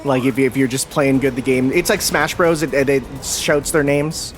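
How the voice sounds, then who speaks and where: A man's voice: medium pitch, level tone, normal speed. A young man chatting enthusiastically while commentating a video game, with lots of fillers. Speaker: host. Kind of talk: casual gameplay commentary.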